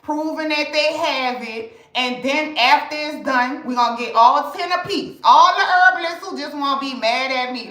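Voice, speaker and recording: Brash high-voiced woman ranting on a livestream. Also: normal speed, few pauses, bright, forceful tone, echoey room, poor audio. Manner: blunt, profane, laughing, rhetorical questions. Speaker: livestream host. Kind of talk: casual livestream rant.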